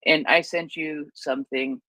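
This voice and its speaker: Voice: mid-range voice, steady tone, a little slow, pushed and bright, no room sound, poor audio. A co-host in casual live chat, retelling what others said, with many fillers and restarts.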